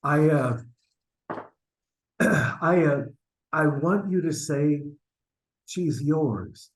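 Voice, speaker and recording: A man's voice: on the high side, drawn-out words, low-quality recording. A man acting an online stage scene as a flustered husband hiding an affair, stammering and sheepish as he presses his friend. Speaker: acting student. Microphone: video call.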